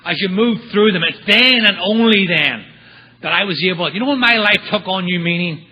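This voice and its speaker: A man's voice: high-pitched, normal speed, breathy edge, dull audio. A man speaking at a recovery meeting, telling his story with humor and acting out the voices of people in it. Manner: animated storyteller acting out quotes.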